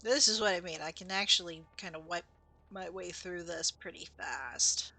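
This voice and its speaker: A woman with a lowish, sharp-toned voice speaks at normal speed while streaming. Her commentary is casual and chatty as she plays, explaining game lore and laughing at her own mistakes.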